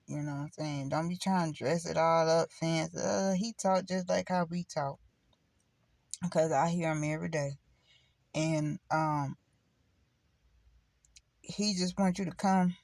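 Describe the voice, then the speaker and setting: Deep, gravelly and somewhat dark in tone, a middle-aged woman's voice carries a casual direct-to-camera chat on her spiritual vlog. She comes across as blunt and preachy, and she rambles; the recording has no echo.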